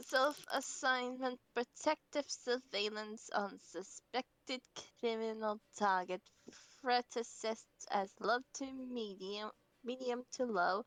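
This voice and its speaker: A woman's voice: fairly high pitch, no room sound, rough recording. A woman playing a drunk, bumbling bunny detective. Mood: officious. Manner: stammering, flustered. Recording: game music underneath.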